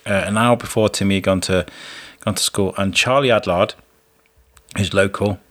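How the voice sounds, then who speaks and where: A man's voice: low-pitched, fairly even intonation, moderate pace, fairly bright tone. A man hosting a podcast, chatting casually and rambling with lots of filler words. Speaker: podcast host. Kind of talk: casual chat and outro.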